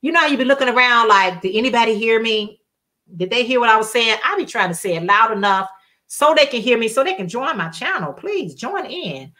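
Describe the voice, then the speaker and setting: A woman's voice: on the high side, sing-song, brisk, pushed and bright. A woman hosting a casual crafting livestream, telling chatty stories in colloquial speech and reading viewer comments aloud.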